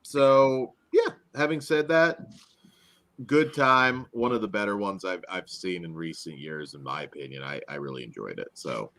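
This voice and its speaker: A man hosting a casual movie review podcast, animated and chatty, reading a synopsis and leading the ratings. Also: low-pitched, moderate pace. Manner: animated, reads synopsis, frequent laughs. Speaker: podcast host.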